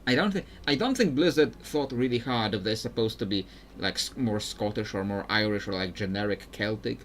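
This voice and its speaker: A man's voice: lowish voice, fairly quick, fairly bright tone, a little hiss or hum. A man giving casual, rambling commentary while playing a video game, often restarting sentences and chuckling. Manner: rambling, self-interrupting, chuckling. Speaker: gameplay streamer.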